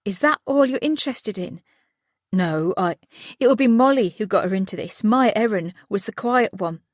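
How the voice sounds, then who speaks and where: A woman's voice: mid-range voice, lively intonation, normal speed, no room sound, clean studio sound, voice pushed up, lightly acted. A woman voicing a grieving mother who is angry and accusing in an audiobook, speaking with raised urgency. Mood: anguished.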